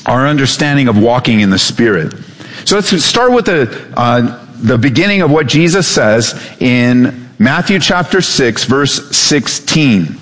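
A male pastor preaching a sermon in a church, animated and acting out voices. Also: medium pitch, a little slow. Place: church sanctuary. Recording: hall reverb.

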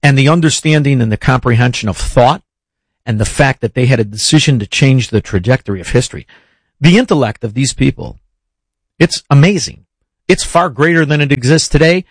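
A man's voice: mid-range voice, a little fast, slightly rough, no room sound. A man hosting an interview, asking long, impassioned, rambling questions. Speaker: interview host. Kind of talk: conversational interview.

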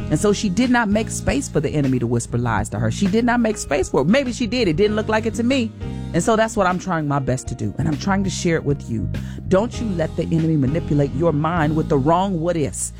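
A woman hosting a morning radio show, giving a slow, soothing, encouraging faith talk. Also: lowish voice, lively intonation, over music.

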